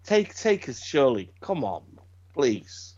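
A middle-aged man telling stories in a lively, swearing flow on a podcast, his voice climbing and dropping all over the place. The sound is dull and lo-fi. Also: medium pitch, slow pace. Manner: animated, sweary storyteller. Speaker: podcast co-host. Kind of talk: casual chat.

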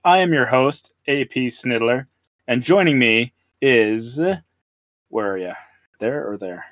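A man's voice: mid-range voice, slow, fairly bright tone, no room sound, studio quality. A man hosting a casual podcast, laid-back and meandering, chuckling between lines. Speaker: podcast host.

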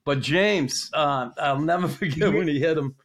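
A man's voice: on the high side, moderate pace. A man hosting a podcast, telling profane locker-room anecdotes in a casual, laughing way. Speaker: podcast host. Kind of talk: casual storytelling chat.

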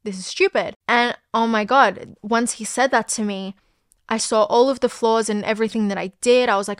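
A woman's voice: a little high, steady tone, normal speed, smooth, no room sound. Chatty young woman, dry sound. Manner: chatty, heavy use of "like", candid and swearing. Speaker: podcast host. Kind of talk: casual personal storytelling.

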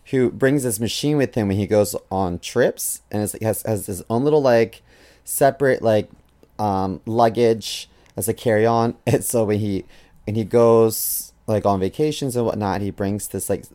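A man's voice: lowish voice, a little slow, mellow. A man co-hosting a podcast, telling stories in a rambling, joking way with many fillers. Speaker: podcast co-host. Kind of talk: casual podcast chat.

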